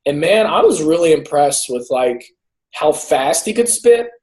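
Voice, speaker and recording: A man's voice: a little high, very animated, a little slow, darkish tone. A man co-hosting a podcast in casual chat, rambling through stories and laughing often. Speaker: podcast co-host; teacher. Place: lives in San Jose.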